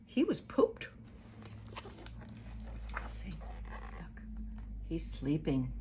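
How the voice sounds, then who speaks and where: A woman reading a picture book aloud to young children as a storyteller, playful and animated, asking the listeners questions. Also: deep voice, a little hiss or hum.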